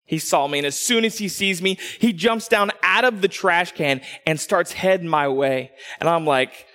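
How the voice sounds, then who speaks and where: A man telling a personal story as a preacher, animated, dropping low for asides and rising when excited. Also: moderate pace. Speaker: pastor. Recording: long hall reverb.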